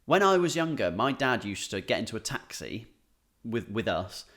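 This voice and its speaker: A man's voice: fairly low pitch, big pitch swings, normal speed, fairly bright tone. A man, a comedian and podcast co-host, chatting casually and telling a rambling story with restarts. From England. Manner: rambling, self-interrupting storyteller. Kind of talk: casual chat.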